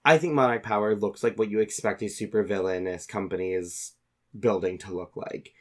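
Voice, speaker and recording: A man's voice: fairly low pitch, fairly even intonation, moderate pace. A man narrating his character's actions in an actual-play tabletop game, casual and descriptive with frequent fillers. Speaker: player.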